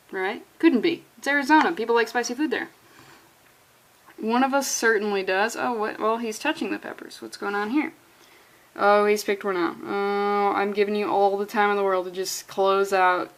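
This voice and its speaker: A woman's voice: medium pitch, poor audio. A woman reading a comic aloud for laughs, with sarcastic, incredulous running commentary, often laughing through her words. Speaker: comic reviewer. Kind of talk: comedic comic-book reading.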